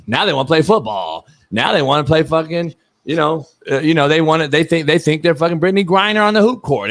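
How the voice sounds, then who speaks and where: A man hosting a sports talk show, ranting loudly and profanely, often breaking into shouts. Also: a little high. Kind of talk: heated sports talk banter.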